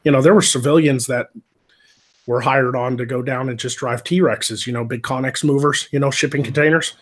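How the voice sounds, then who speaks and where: A man's voice: mid-range voice, steady tone, moderate pace. A man chatting casually on a podcast, rambling with lots of swearing and restarts. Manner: rambling, profane, many restarts. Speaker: podcast co-host, military veteran. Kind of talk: casual chat.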